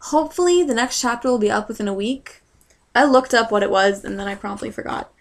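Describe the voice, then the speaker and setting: A woman's voice: on the high side, fast talker. A young woman casually recapping a book chapter in a rambling, sarcastic way, full of fillers and side jokes. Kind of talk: casual chat.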